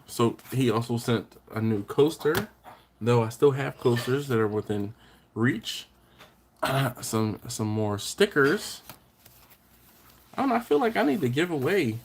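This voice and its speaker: Rambling barbecue host chatting live. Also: male voice, mid-range voice, slight background noise. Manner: rambling, self-correcting, thanks viewers warmly by name. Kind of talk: casual live-stream chat, reading viewer comments. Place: at home.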